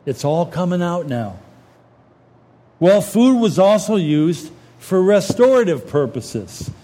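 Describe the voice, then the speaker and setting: A man preaching a sermon, retelling scripture in a lively, colloquial storytelling way. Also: sits high, takes it slowly.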